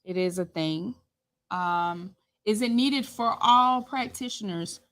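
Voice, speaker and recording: A woman, an educator with a doctorate, chatting casually as a co-host, joking and chiming in with quick remarks. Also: mid-range voice, fairly bright tone. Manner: quick interjections, playful joking. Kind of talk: casual conversational chat.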